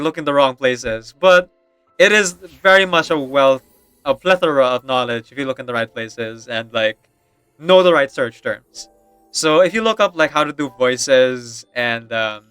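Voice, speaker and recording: With a fairly high, sharp, smooth voice and no room sound, a man chats casually as he streams a game. His talk is rambling and full of fillers, punctuated by frequent laughter, with faint game music in the background.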